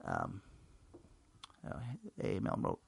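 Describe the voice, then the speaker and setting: A man's voice: slow, dry recording. A man giving a rambling, self-mocking comedic answer in an interview, full of fillers and restarts. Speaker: interview guest.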